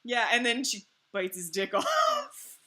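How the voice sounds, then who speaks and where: A woman with a high, bright voice chats casually on a live stream, her pitch swinging widely. She laughs a lot and swears freely. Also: huge pitch swings, slow pace.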